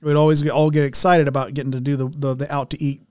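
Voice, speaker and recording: A man's voice: mid-range voice, little pitch movement, fast talker, darkish tone, no room sound, clean studio sound. A man hosting a podcast, telling a family story in a loose, rambling way with many restarts and laughs. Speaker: podcast host. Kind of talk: casual chat and news reading.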